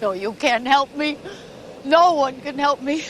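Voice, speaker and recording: A frazzled, tearful driver. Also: female voice, high-pitched, measured pace, fairly bright tone, slight background noise, low-quality recording. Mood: exasperated. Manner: exasperated, tearful outpouring. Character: distraught woman driver, hits deer weekly, exasperated. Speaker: film character. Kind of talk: film drama acting.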